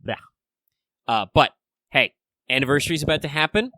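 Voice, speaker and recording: A man's voice: mid-range voice, animated, fairly quick, pushed and bright, no echo. A man hosting a casual podcast chat, rambling with lots of fillers, a bit under the weather. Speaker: podcast host.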